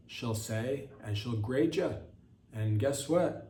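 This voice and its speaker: A man's voice: medium pitch, slow, warm tone, distant mic. A man hosting a comedy podcast, delivering a crude, sarcastic, mock-indignant monologue full of profanity. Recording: echoey room with faint noise.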